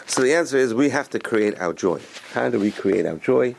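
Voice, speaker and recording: A man's voice: medium pitch, expressive, fairly quick, creaky, a little mellow, slight background noise. A man giving a motivational religious talk, speaking emphatically, repeating phrases and restarting his sentences.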